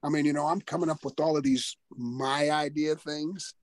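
A man's voice: fairly high pitch, steady tone, normal speed, dry recording. Older man telling rambling wrestling stories. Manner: chatty, laughs often, swears freely. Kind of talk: casual interview storytelling.

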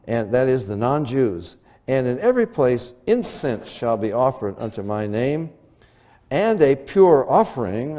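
Man, preacher, bible sermon, excitable, swooping lively pitch. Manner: animated, rising to excited high exclamations.

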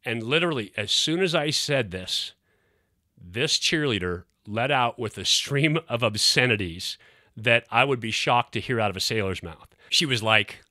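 A man's voice: medium pitch, moderate pace, no room sound, studio quality. A middle-aged man, a former quarterback hosting his show, telling a story casually and acting out the quotes. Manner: animated, acts out quotes.

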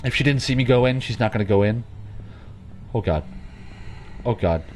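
Soft music plays in the background as a man with a mid-range voice narrates his horror game playthrough at a moderate pace. Animated and rambling, he jokes nervously and jumps easily in this casual let's play.

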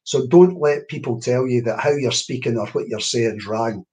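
A Scottish man reading his poems aloud slowly and rhythmically, then talking to children in a workshop over a video call. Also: medium pitch. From Scotland. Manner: slow, rhythmic verse delivery with animated rises. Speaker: poet leading a children's writing workshop. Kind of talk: poetry reading and talk to children.

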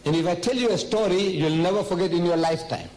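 Speaking quickly in a somewhat mellow tone, an older man with a South African accent lectures emphatically on religion, posing rhetorical question after rhetorical question and occasionally dropping into a murmur. The audio quality is poor.

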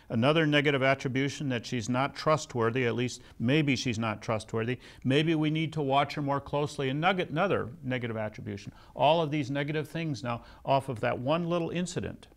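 An older man giving a seminary lecture in a conversational way, telling personal stories with self-deprecating humor. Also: mid-range voice. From United States.

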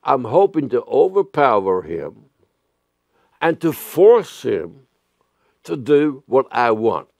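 A man preaching a sermon as a pastor, speaking earnestly and deliberately with repeated phrases and sudden loud outbursts. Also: mid-range voice, very animated, vocal fry, no echo, studio quality.

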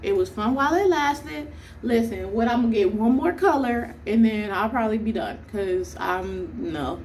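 Young woman vlogger, fairly high voice, exasperated storytime rant full of rhetorical questions. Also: expressive, moderate pace, darkish tone, a little hiss or hum.

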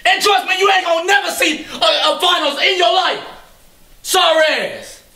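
A man impersonating a loud, cocky basketball star who trash-talks his teammates in a very high, bright voice with lively swings. He yells constantly, and the echo of a bare room rings around him. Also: moderate pace, exaggerated voice. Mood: angry. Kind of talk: comedy sketch. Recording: echoey room.

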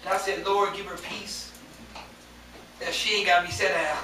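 A man preaching a sermon to a congregation that answers him, rising at times to shouts. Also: high voice, steady tone, normal speed. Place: church. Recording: echoey church, distant mic, faint hiss.

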